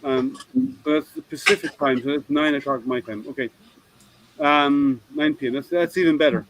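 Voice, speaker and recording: A man hosting a laid-back livestream hangout from home, his voice sitting a touch high. He rambles and thinks aloud, filling gaps with ums, through an online call mic with a faint hiss behind him. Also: normal speed. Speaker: livestream host. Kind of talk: casual livestream chat.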